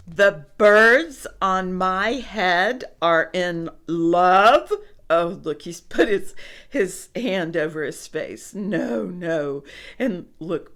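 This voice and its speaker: A woman reading a picture book aloud to children, asking the listener questions about the pictures. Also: fairly low pitch. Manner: slow, expressive, asks the listener questions. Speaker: storybook reader.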